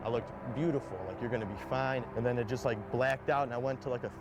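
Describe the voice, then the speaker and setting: Speaking quickly at medium pitch against a noisy backdrop of loud music, a young man shares his own story frankly in a played clip. It's a rambling account packed with "like" and acted-out dialogue.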